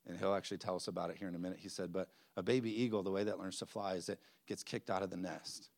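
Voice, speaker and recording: A man's voice: low-pitched, steady tone, racing, dry recording. A man, a pastor, introducing a guest preacher at his church, telling a story with quoted voices and laughs. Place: church sanctuary.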